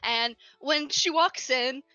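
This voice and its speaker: A young woman with a high, bright voice narrates her character in a bubbly, laughing way. The recording sounds slightly dull and dry, with faint music in the background. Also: slow, dry recording. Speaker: player. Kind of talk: tabletop role-play.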